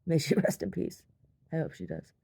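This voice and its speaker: A woman telling a rambling story in her video diary, chatty and quick to laugh, often repeating herself. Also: low voice, sing-song, vocal fry, dark tone, breathy edge. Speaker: video diarist. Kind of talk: casual storytelling to camera.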